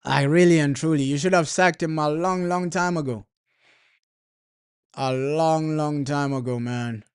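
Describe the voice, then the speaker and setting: A man's voice: fairly high pitch, fairly even intonation, measured pace, clean tone. A man streaming a football watchalong, talking casually in heavy slang and ranting over and over about his team's manager. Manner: slangy, repetitive, frustrated ranting. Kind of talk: casual live match commentary.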